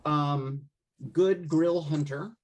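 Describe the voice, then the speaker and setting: A guest on a relaxed online comedy hangout reads out a list of entries. The delivery is hesitant, with frequent pauses and filler words between items. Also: mid-range voice. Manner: hesitant, fills pauses with um and wait. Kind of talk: casual group video chat.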